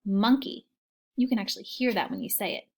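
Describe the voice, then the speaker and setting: A woman teaching young children a phonics lesson, slow and encouraging in a sing-song way, with soft whispered asides. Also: mid-range voice.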